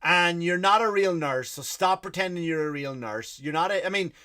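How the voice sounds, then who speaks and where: A man's voice: high voice, moderate pace, pushed and bright. A middle-aged man, hosting a comedy podcast and telling an exasperated, profane story as a ranting monologue.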